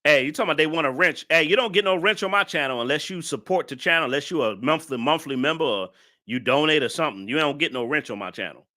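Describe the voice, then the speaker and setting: A man's voice: on the high side, fast talker, bright, forceful tone. A man hosting a live stream reaction, talking to his chat in a mocking, laughing way.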